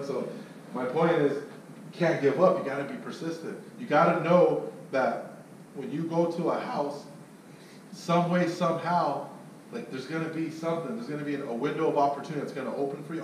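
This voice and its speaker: A man's voice: a little high, a little fast. A man telling a sales story and coaching others, cursing freely and acting out the people in it. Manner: profane, animated storyteller who acts out voices. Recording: echoey room, distant mic, faint noise.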